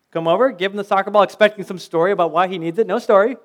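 A man's voice: high voice, very fast. A middle-aged man preaching a sermon in a conversational way, mixing scripture with personal anecdotes and rhetorical questions. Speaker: pastor.

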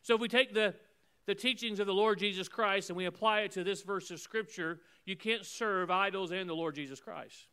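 Male pastor, high and resonant, preaching with emphatic repeated phrases and sudden drops to a hush. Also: brisk, clear, resonant tone. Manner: emphatic preaching with swings between loud and hushed; repeats phrases in rhythmic runs. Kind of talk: sermon.

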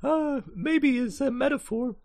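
A man's voice: extremely high pitch, unhurried, darkish tone, pitched above the performer's own voice. A man voicing a courteous, apologetic contact from an activist group in a tabletop game.

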